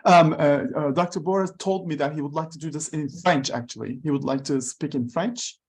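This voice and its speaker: Hesitant voice, many fillers, switches between German and English, video call audio, mid pitch. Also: a little fast, a little mellow. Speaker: conference participant. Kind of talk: unscripted chat on a video call.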